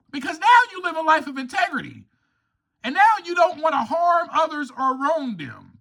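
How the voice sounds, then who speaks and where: A man hosting a recovery podcast, delivering an impassioned, preachy monologue that rises to near-shouts. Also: extremely high pitch. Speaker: podcast host.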